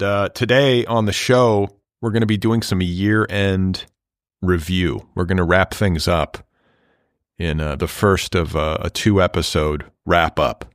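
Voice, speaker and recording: A man's voice: low voice, no room sound, studio quality. A middle-aged man hosting a podcast, talking in a rambling, wry monologue with profane asides. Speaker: podcast host. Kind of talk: casual monologue.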